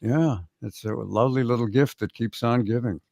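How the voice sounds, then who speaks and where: Older male voice actor, gravelly timbre, dry close mic, easygoing and modest. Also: medium pitch, moderate pace, no room sound. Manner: relaxed, self-deprecating, stammering restarts. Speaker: voice actor guest. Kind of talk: casual interview chat.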